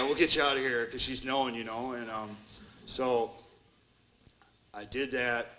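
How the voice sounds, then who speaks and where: Bright-voiced man telling his recovery story. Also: mid-range voice, a little hiss or hum, rough recording. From Wisconsin. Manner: rambling storyteller, many fillers, acts out quotes. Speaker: treatment court graduate speaker. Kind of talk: personal recovery testimony.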